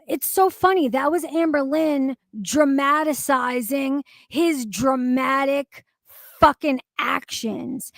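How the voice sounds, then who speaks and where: A woman's voice: high voice, dry recording. A woman hosting a stream, ranting in a heated, profane commentary. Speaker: stream host.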